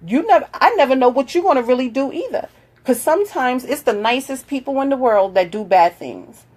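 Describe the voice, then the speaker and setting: A woman hosting a casual live video, chatting, reading out viewer comments and coaching her daughter in a motherly way. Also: mid-range voice. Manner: chatty, reads out viewer comments and greets them warmly. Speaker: livestream host.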